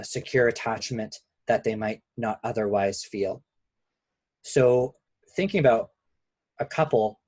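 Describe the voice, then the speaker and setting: A man who is a couples therapist, giving a measured, explanatory webinar lecture and slowing down on key points. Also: medium pitch, a little mellow, no room sound.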